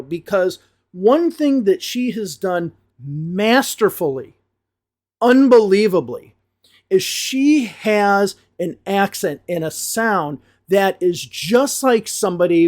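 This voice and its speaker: High-voiced Chicago-accented English teacher. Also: male voice. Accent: Chicago north side. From northern suburbs of Chicago. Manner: talkative, drawn-out emphatic explanations. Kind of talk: video review, explaining to camera.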